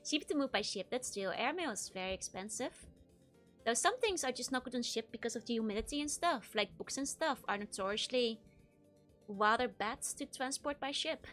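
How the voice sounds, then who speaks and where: A woman's voice: fairly high pitch, a bit bright. Giggly young woman chatting while gaming. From Netherlands. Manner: giggly, laughs often, rambling. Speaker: VTuber streamer. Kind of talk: casual chat while gaming.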